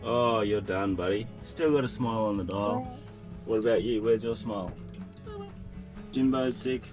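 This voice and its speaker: A man in his thirties with an Australian accent, chatting casually in a travel vlog, relaxed and laughing often. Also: on the low side, normal speed. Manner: laid-back, laughs often, storytelling. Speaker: vlogger. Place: outdoors, coast and van. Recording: music playing over the voice.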